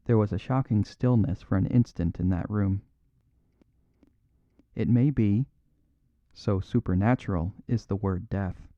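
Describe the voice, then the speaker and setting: A male narrator reads a classic detective story in a measured, even style. His voice sits on the low side. The studio sound is dry and slightly dull. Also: dry recording. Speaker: audiobook narrator. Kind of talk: scripted narration of a classic mystery.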